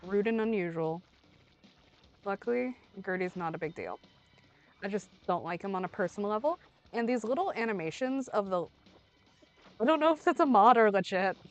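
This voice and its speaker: Excitable young woman swearing at a game. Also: medium pitch, normal speed, pauses often. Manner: excitable, swears freely, pleads and yells at the game. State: under the weather. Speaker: streamer. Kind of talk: casual gameplay commentary. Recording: dry close mic with faint game music.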